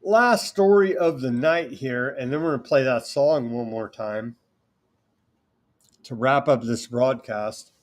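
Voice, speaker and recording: A male talk show host from California, speaking at an ordinary middle pitch. He delivers his commentary in a sarcastic, indignant rant. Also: measured pace.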